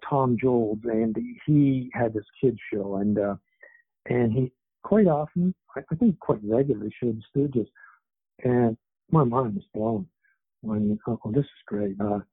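Speaking with a creaky, breathy-edged mid-range voice and no echo, a man in his 70s gives a casual interview over a tinny phone. He's an author born in England and raised in Canada who rambles and fills his speech with fillers.

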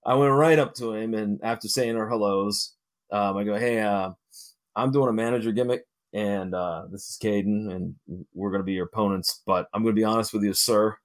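A man's voice: fairly low pitch, fairly even intonation, a little fast. A middle-aged man from Ohio, a guest telling a long story casually, rambling with fillers and restarts. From Ohio, United States. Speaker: interview guest, wrestling manager and promoter.

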